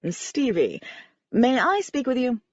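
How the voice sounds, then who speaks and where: A woman voicing a smooth, courteous older man who speaks politely and persuasively. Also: fairly high pitch, huge pitch swings, slow pace, no room sound, muffled recording, pitched above the performer's own voice, full character voice. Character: smooth older male door greeter, courteous.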